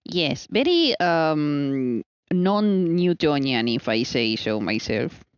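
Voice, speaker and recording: A woman's voice: low-pitched, sing-song, takes it slowly, clean tone, no room sound, highs cut off. A woman streamer chatting casually while she bakes, playful and teasing with exasperated asides.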